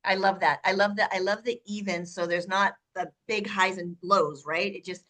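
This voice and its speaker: A woman's voice: mid-range voice, fairly even intonation, moderate pace, bright, forceful tone. A woman hosting a casual interview chat, bubbly and enthusiastic, often using "like" and "right?". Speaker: host.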